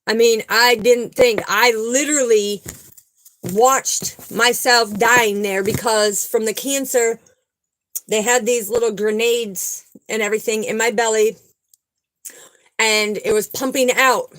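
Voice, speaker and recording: Speaking slowly with fairly even intonation, this woman's voice sits on the high side and sounds fairly bright, though the recording is rough. As a spiritual vlogger, she tells a personal story in a casual, earnest testimony, repeating points emphatically.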